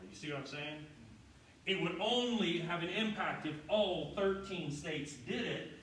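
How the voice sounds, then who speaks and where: A man's voice: a little high, a bit bright. A man, a history professor, giving a classroom lecture in a casual way, with salty asides and rhetorical questions to his students. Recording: very echoey room, far from the mic, faint noise.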